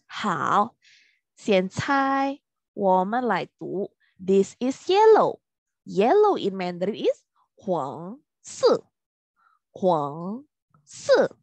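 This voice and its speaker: A woman's voice: medium pitch, sing-song, creaky, a little mellow, no echo. A woman teaching Mandarin vocabulary, drawing out each tone with patient repetition in a drill. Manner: slow, over-stretched tones, patient repetition. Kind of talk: classroom language drill.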